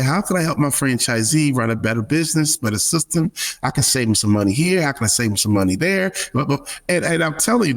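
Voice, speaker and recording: A middle-aged man speaking emphatically as an interview guest, acting out quoted voices with a preacher-like rhythm. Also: mid-range voice. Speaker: guest speaker, former pro athlete and business advisor. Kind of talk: animated interview talk.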